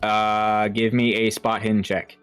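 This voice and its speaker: A man running a tabletop horror game as game master, talking in a halting way with lots of fillers and restarts. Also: on the low side, level tone, fairly bright tone, smooth, faint music behind.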